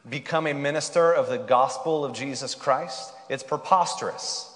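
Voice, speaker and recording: A man's voice: mid-range voice, normal speed, hardly any pauses, a bit bright. Male pastor, sermon delivery, playful then emphatic rhetorical questions; long church-hall reverb. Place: church sanctuary.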